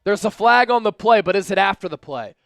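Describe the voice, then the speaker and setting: Male fan livestream host, high gravelly voice, excitable, shouts at big plays, faint music behind. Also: a little fast, no echo. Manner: chats directly with viewers. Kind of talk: live watch-along commentary.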